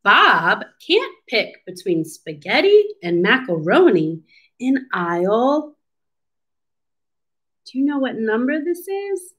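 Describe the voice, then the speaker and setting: Woman speech therapist reading a storybook to kids, very slow, lively melodic pitch, encouraging. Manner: slow, encouraging, asks the listener questions. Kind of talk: children's storybook read-aloud lesson.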